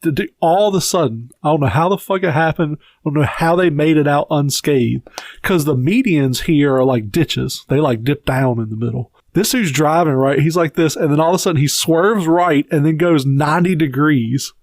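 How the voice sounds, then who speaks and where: A man's voice: fairly high pitch, moderate pace, no room sound. A man co-hosting a podcast in casual chat, cracking crude jokes and laughing often. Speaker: podcast co-host.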